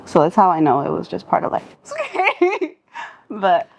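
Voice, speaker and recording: A woman's voice: mid-range voice, measured pace, creaky, husky. A young woman from Southern California, a singer guest on a podcast, telling street stories in a casual, profane way, laughing often and acting out what people said. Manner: animated, laughing, acts out quotes.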